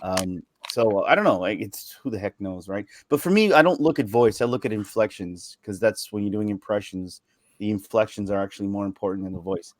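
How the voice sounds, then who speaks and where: Man, podcast host, casual chat, long explanations, lively swinging pitch, dry close mic. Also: brisk, no room sound.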